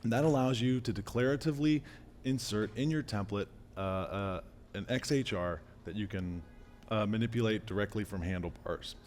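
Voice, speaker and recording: A man's voice: fairly low pitch, darkish tone, a little hiss or hum. Man live coding, losing his voice. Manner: casual, halting with fillers and restarts. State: losing his voice, clearing throat. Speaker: meetup presenter. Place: meetup room.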